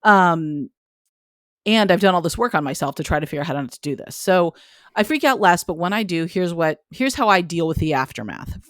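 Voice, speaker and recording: A woman's voice: on the low side, lively intonation, brisk, dry recording. Candid woman explaining, dry close sound. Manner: candid, explanatory, self-deprecating humor. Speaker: parenting author and guest. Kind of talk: podcast interview answers.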